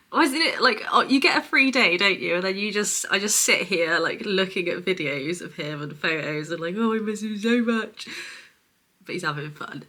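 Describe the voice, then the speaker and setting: A young woman talks through an unboxing in a chatty, gushing way. Her voice sits a little low but rings bright and forceful, with a husky edge. Now and then she drops to a soft hush as she shows each item. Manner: chatty and effusive, often dropping to a soft hush over products. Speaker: beauty vlogger. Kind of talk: casual unboxing chat.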